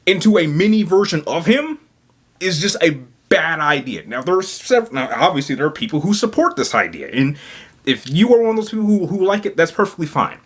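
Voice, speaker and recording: This gaming YouTuber's voice sits on the high side, sing-song and fairly bright, and he speaks briskly on a slightly rough recording. Hosting his vlog, he rants casually with agitation and emphasis, rambling, stumbling over and repeating words, and restarting frequently.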